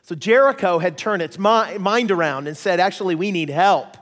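A man preaching a sermon, telling stories in a lively, joking way and acting out voices. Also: sits high, normal speed. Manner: animated, jokey, acts out voices in stories. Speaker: pastor. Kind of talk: sermon with storytelling. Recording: long hall reverb.

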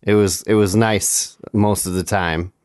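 Laid-back man with a smooth low voice. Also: steady tone, measured pace, darkish tone, no echo, studio quality. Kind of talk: casual chat.

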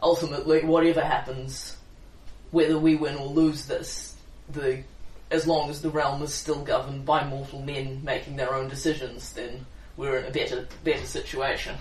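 A player speaking in character as a weary adventurer in a tabletop game, measured and earnest. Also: mid-range voice, little pitch movement, close to an everyday voice. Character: tired noble adventurer, resolute. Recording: roomy, distant mic, faint noise.

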